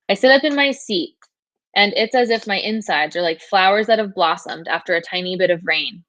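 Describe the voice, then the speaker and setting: A woman teacher reads a novel aloud for her class in a steady first-person narration. Her pitch is mid-range and the recording is dry and close. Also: a little fast, no room sound.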